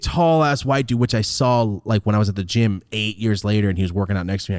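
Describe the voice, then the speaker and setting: A young man hosting a podcast, telling a personal story in a casual, profane, animated way with a close, dry sound. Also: quick pace, few pauses, no echo. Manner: animated, profane, swinging wildly in pitch. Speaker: podcast host.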